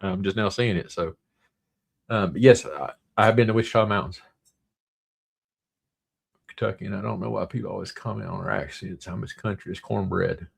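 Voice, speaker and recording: Male livestream host with a Southern drawl, gravelly tone, loose and rambling chat. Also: low voice, moderate pace, long pauses. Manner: rambling, reads viewer comments aloud.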